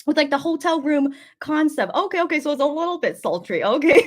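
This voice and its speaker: A woman's voice: sits high, animated, brisk, hardly any pauses. A woman chatting casually on a livestream as host, rambling and giggling, with lots of fillers and restarts, a little sick after a booster shot. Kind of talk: casual live-stream chat.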